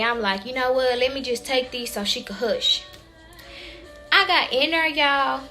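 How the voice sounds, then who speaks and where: Chatty young woman, bright voice. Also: high voice. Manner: animated, chatty, addresses viewers as y'all. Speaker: vlogger. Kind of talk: casual storytelling to viewers.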